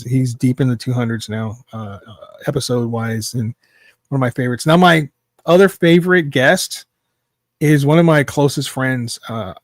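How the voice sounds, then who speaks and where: Animated man telling a story, dry mic. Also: medium pitch, no room sound. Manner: animated, emphatic, swears freely. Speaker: podcast guest. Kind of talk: casual storytelling.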